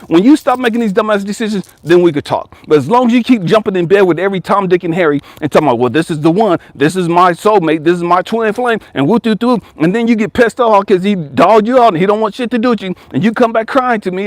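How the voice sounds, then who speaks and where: A fairly high-pitched man delivers a blunt, profane motivational rant in a preachy coaching tone. He keeps swearing as he hammers his point home and mocks whiny complainers. The sound is dry and close, with no room echo. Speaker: life coach.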